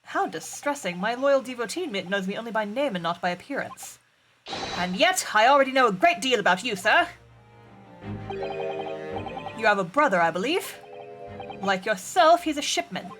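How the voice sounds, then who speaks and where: A woman's voice: fairly high pitch, expressive, normal speed, pauses often, lightly acted. Woman doing a pompous Victorian detective man. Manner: grandiose, theatrical, formal diction. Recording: game music behind.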